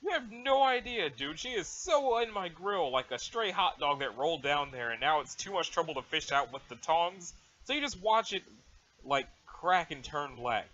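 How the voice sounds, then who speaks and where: A man voicing a cocky, deadpan teenage boy who talks in swaggering slang, on a dull lo-fi mic. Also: a little high, normal speed.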